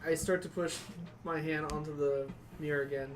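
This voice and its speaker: A man's voice: on the high side, fairly even intonation, normal speed, background noise. A man playing in a tabletop game, hesitating with frequent fillers as he speaks. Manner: hesitant, lots of uh. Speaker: player. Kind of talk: casual tabletop play.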